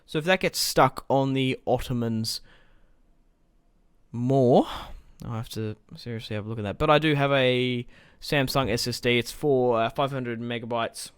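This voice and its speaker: A man's voice: mid-range voice, moderate pace, clean tone, no echo, studio quality. A young man giving casual, rambling let's-play commentary as he plays, thinking aloud and swearing now and then. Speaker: gaming let's-play host.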